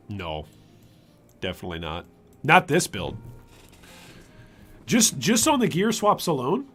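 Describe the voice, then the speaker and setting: A man streaming gameplay, chatty and animated, commenting on his build and answering chat. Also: a little high. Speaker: streamer, game host.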